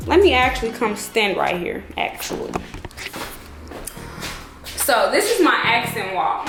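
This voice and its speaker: A young woman giving a casual, profane tour of her open loft-style salon suite, calling her viewers y'all. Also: on the high side. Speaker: salon owner vlogger. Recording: echoey room with music playing.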